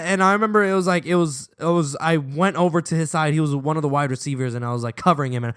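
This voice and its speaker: A young man hosting a gaming channel, telling a personal story over gameplay in an animated, slangy way. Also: on the high side, quick pace, few pauses. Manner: animated, slangy, acts out quotes.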